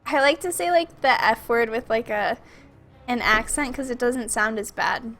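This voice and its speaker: A young woman with a Minnesotan accent chats with her stream viewers as she plays a game. She rambles easily and giggles often in a fairly high voice, with soft game music faintly in the background. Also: normal speed. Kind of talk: casual chat while playing a video game.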